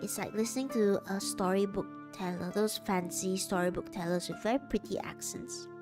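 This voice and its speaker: Woman rambling away on a cozy stream, laughs a lot, soft music behind. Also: mid-range voice, fairly even intonation, normal speed. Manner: rambling, chatty, laughs often. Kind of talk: casual live-stream chat.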